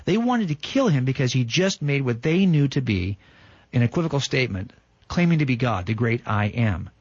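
A man's voice: medium pitch, sing-song, moderate pace, a little mellow, husky, dry recording, muffled recording. Man reading scripture on a talk show. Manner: reads scripture aloud with emphatic, dramatic quotes. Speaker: radio show host.

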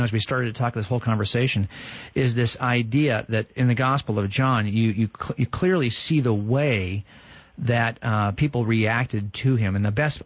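A man's voice: mid-range voice, no echo, dull audio. A man hosting a talk show about faith, who reads scripture aloud with emphatic, dramatic quotes. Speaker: radio show host.

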